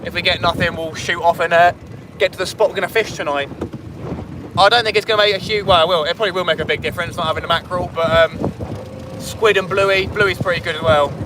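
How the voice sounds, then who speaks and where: A young man talks casually to his live viewers from a small inflatable boat at sea. His voice sits fairly high and he jokes and banters between fishing plans. Loud wind and engine noise wash over the camera mic. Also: steady tone, fast. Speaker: fishing vlogger. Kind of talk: casual live-stream chat.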